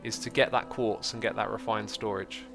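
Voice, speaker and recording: A man hosting a casual gameplay livestream, chatting, thinking out loud and answering viewer comments. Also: fairly low pitch, steady tone, moderate pace, vocal fry, faint music behind. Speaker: livestream host.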